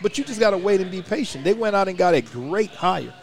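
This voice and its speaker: Recorded live in a restaurant for a casual podcast, a fired-up former player swears freely and speaks emphatically. His creaky male voice sits high, moves quickly, and swings widely in pitch.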